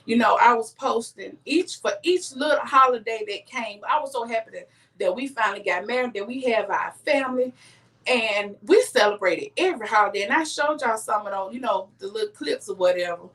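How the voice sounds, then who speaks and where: A woman's voice: a little high, animated, a little fast, a bit bright. A middle-aged woman, giving earnest life advice straight to her viewers in a casual live stream. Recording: voice a bit distant from the mic.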